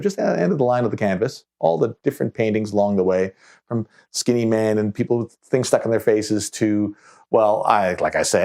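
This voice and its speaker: A man narrates a story with wry, folksy humor, his pitch swinging freely from line to line. His delivery is relaxed and conversational, with jokes slipped in along the way.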